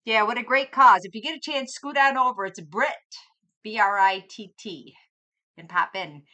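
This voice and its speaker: Bubbly woman streamer, bright voice. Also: medium pitch, normal speed. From Minnesota. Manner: bubbly, chatty, greets viewers by name with lively swings in loudness. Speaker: live streamer. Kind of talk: casual live-stream chat.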